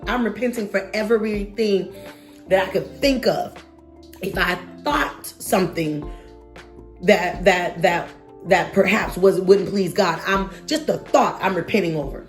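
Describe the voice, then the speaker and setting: A woman in her thirties, telling a personal story to camera in a lively, expressive way and acting out what people said. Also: mid-range voice, measured pace, soft background music. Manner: animated, expressive, acts out quotes with exaggerated reactions.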